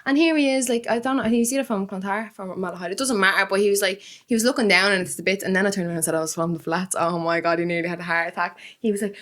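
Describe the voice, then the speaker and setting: A woman's voice: mid-range voice, rapid-fire, hardly any pauses. A young woman from Dublin with a Dublin accent, a podcast guest chatting casually and acting out the lines of people in her stories. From Ireland, Dublin. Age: young adult. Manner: animated storyteller, acts out other people's lines. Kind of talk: casual chat.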